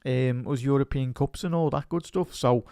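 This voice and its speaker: A young Scouse man giving a heartfelt, rambling fan reaction, full of restarts. His voice sits at a middling pitch. The sound is close and dry. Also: normal speed, dark tone, clean tone, dry recording. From Liverpool, England. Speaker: fan channel presenter. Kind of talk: casual reaction talk.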